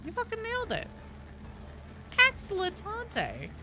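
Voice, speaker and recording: A woman's voice: medium pitch, sing-song, moderate pace, over music. A woman streaming a game live, chatting casually and playfully with viewers and swearing freely.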